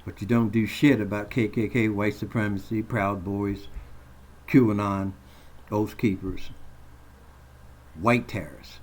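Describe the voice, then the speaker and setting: A man's voice: fairly low pitch, fairly even intonation, measured pace, pauses often. A man venting in a heated, profane rant recorded on his phone, hurling blunt accusations. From Colorado. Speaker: vlogger. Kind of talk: angry rant to camera. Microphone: phone camera.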